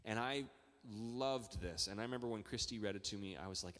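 A man preaching a sermon as pastor, talking in a conversational way that builds to excited emphasis. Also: on the low side, fairly quick. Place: church hall. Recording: long reverb of a large church hall.

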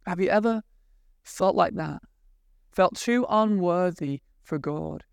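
A man delivers a slow, deliberate sermon in a smooth, resonant voice. He retells scripture with emphatic pauses and turns to earnest, pleading appeals to his listeners. The recording is close and dry. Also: sits high, no echo. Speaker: preacher.

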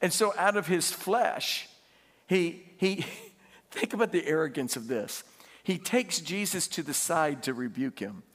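A man preaching a sermon, animated and laughing as he tells stories and asks the congregation questions. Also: fairly high pitch, measured pace. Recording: long hall reverb.

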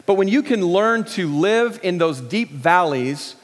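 A middle-aged pastor preaching a sermon in a relaxed, joking way, with many restarts and fillers. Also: male voice, high voice, unhurried, in a large hall.

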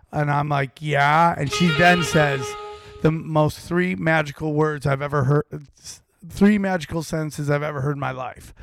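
Cocky comedian guy bragging through a story, gravelly voice, sax music going under it. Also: on the high side, fairly even intonation, normal speed. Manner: brash, boastful storytelling. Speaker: comedian guest. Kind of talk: storytelling over saxophone. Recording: saxophone music playing behind.

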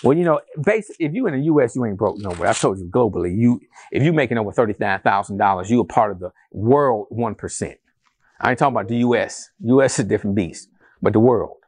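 A male pastor preaching a sermon to a congregation in a church, animated and conversational, with rhetorical questions and calls to the congregation. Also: lowish voice, quick pace, breathy edge. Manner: addresses the congregation as family, calls for responses.

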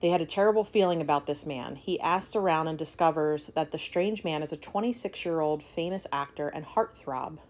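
Low-voiced woman reading a history story. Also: brisk, hardly any pauses, darkish tone. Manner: reads aloud then breaks off to joke and swear. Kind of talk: casual storytelling chat.

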